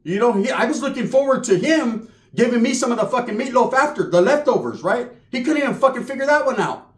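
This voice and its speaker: A young man from spins a crude comic story in loose, profane street slang. His voice sits fairly high, and it rings around a roomy space. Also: expressive, fast talker. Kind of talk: comedic storytelling. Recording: roomy echo.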